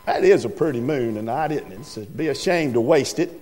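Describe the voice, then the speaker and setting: A man's voice: mid-range voice, expressive, brisk, darkish tone, pitched below the performer's own voice, close to an everyday voice. Man playing a drawling preacher. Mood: shrewd. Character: calm, shrewd older male small-town preacher. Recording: echoey hall, faint music.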